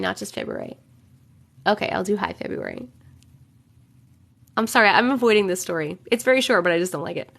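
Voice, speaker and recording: A woman's voice: mid-range voice, animated, brisk, vocal fry, pauses often. A woman live-streaming from home, chatting with viewers and reading their stories aloud, swearing casually and laughing as she reacts. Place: home room, alone.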